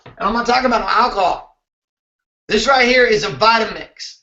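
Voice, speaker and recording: A man's voice: high voice, normal speed, bright, forceful tone, roomy sound, highs cut off. A man hosting a motivational show, talking intensely and emphatically, with some swearing. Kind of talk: motivational talk to camera.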